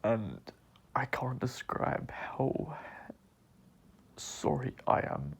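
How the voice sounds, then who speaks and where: A man crying as he talks through an apology, halting and choked, with long pauses, sighs and breathy half-whispered words. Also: medium pitch. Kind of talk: tearful personal apology monologue.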